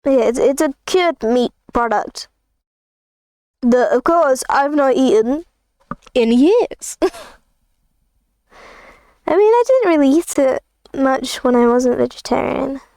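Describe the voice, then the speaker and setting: A woman's voice: sits high, animated, slow pace, pauses often, warm tone, dry recording, clean studio sound. A woman, chatting casually on a livestream while drawing, rambling playfully with jokey asides. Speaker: streamer.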